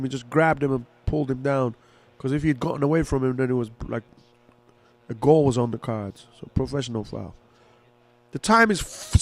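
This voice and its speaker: With a fairly high pitch on a dry recording, a male football fan reacts and commentates live in a casual way. He chatters excitedly and backs one team.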